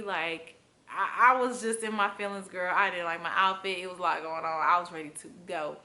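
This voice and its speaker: Bright, animated young woman from Florida. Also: brisk. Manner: animated, profane, loose with many fillers; acts out quotes with big pitch jumps. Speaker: vlogger. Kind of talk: candid storytime chat to camera.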